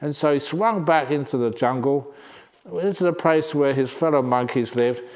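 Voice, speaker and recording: A man's voice: medium pitch, moderate pace, a little mellow. A man, a Buddhist monk teacher, giving a humorous Dharma talk in a playful storytelling manner. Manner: playful, storytelling, chuckling often.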